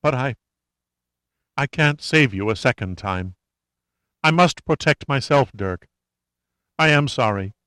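A man's voice: mid-range voice, animated, takes it slowly, long pauses, a bit bright, dry recording, clean studio sound. A man reading the lines of a shaken, remorseful woman conspirator in an audiobook, with a trembling, pleading delivery.

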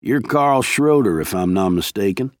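A man voicing a cold, menacing gunman who speaks in a slow Southern drawl. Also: lowish voice, lively intonation, dry recording, clean studio sound, close to an everyday voice. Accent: American Southern.

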